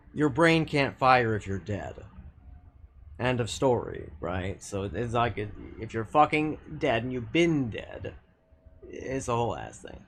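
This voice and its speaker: A man's voice: mid-range voice, a little hiss or hum. A man streaming a game and talking casually with his viewers, arguing bluntly and swearing often, with frequent restarts. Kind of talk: casual live-stream chat reading viewer comments.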